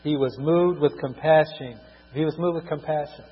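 A middle-aged man preaching a sermon, husky, swinging between loud emphatic bursts and quiet asides, drawing out scripture verses slowly. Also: a little high. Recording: dull lo-fi recording in a reverberant hall with mains hum.

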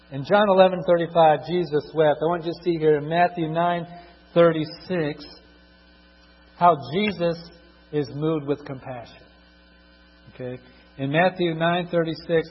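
Husky preacher man in echoing hall. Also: fairly high pitch. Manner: preaching with bursts of emphasis, drawn-out reading of scripture. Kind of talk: sermon. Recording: dull lo-fi recording in a reverberant hall with mains hum.

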